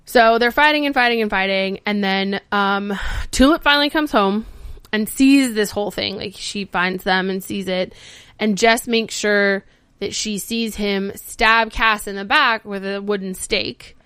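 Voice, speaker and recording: Woman recapping TV, smooth clear voice. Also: mid-range voice, a little slow, dry recording. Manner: animated storytelling, acts out quotes, swears freely. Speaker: podcast co-host. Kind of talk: casual TV episode recap.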